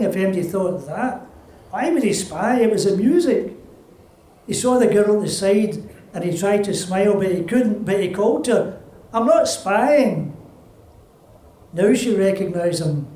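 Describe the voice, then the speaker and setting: An older Scottish man, an author, reading from his novel in a plain, unhurried way at a festival event. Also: sits high, lively intonation, warm tone. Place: festival venue. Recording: roomy, distant live reading.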